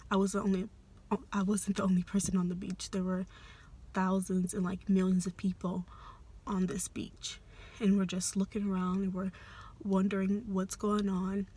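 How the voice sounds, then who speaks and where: A young adult woman telling a personal story in a soft, hesitant, often half-whispered way, with many fillers. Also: mid-range voice, slightly rough. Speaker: vlogger.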